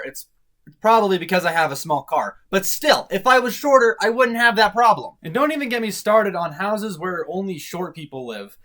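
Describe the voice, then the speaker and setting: A young man with a fairly high voice rambles through a comedic vlog. He laughs at himself and fills his talk with ums and likes. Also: a bit bright. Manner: self-deprecating, rambling with frequent fillers. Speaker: YouTube vlogger. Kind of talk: casual comedic monologue to camera.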